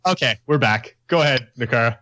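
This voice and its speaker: A man's voice: medium pitch, brisk, bright, forceful tone. A man co-hosting a casual group podcast, rambling a bit as he reads out audience questions. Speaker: podcast co-host.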